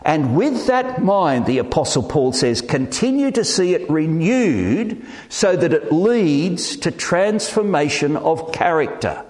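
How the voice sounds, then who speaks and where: A middle-aged man, preaching a sermon in an animated, emphatic way with self-deprecating humour. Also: on the high side, slow pace, few pauses. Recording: reverberant hall.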